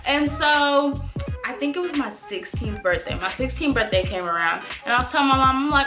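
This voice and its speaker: High-voiced young woman telling a story. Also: a little fast. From Bay Area, California. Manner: animated, many "like" fillers, addresses viewers as "y'all". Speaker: vlogger. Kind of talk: casual storytelling. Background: music.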